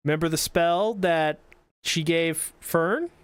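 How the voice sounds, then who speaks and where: A man's voice: fairly high pitch, slow, clean tone, dry recording. A man co-hosting a podcast in casual chat, teasing his co-hosts and reading out comments from the live chat. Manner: teasing, jumps in and reads chat aloud. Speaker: podcast co-host.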